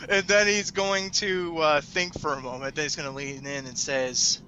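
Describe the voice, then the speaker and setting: A man at a tabletop game, joking as he describes what his character does. His voice sits a bit high and sounds bright. The mic is dull and lo-fi, with faint hiss. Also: level tone, unhurried. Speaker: player. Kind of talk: casual tabletop play.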